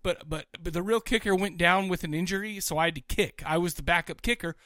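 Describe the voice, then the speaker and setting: A man's voice: high-pitched, fast, pushed and bright, no echo, clean studio sound. A man co-hosting a podcast in casual chat, rowdy and joking, often talking over his co-host.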